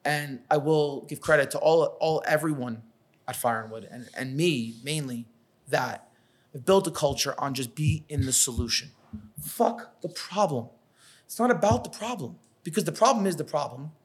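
His pitch is fairly high, his pace moderate, with a breathy edge. He's a catering business owner from New York in his thirties, swearing freely and acting out dialogue as he tells stories in a relaxed podcast conversation.

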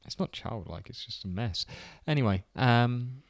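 A man's voice: mid-range voice, unhurried, no echo. A man in his thirties co-hosting a podcast in casual chat, dry and self-deprecating, with a slightly sore throat and frequent laughs. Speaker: podcast co-host.

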